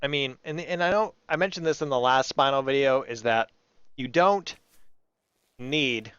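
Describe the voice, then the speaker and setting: A man's voice: mid-range voice, normal speed, a bit bright, smooth, no room sound, highs cut off. A man hosting his gaming channel, chatting and rambling through his gameplay and talking to the animals in the game. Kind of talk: casual gameplay commentary.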